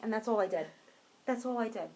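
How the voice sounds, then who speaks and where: A woman co-hosting a crafts podcast in casual chat, self-deprecating and quick to laugh. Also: on the high side, noisy background. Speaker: podcast co-host.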